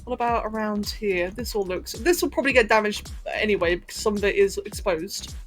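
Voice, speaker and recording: A woman from England with a posh London accent, softened by a little Californian, chatting casually and laughing with her chat during a gaming livestream. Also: medium pitch, fairly quick, faint music behind. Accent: posh London English, slightly Californian-tinged. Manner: chatty, giggly, answers chat while playing.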